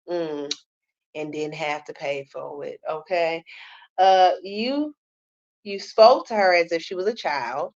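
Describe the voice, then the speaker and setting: A woman's voice: deep voice, unhurried, muffled recording. A woman giving a blunt, sassy commentary on a reality show, keeps tagging her points with "okay?". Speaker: reality TV reviewer. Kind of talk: casual commentary.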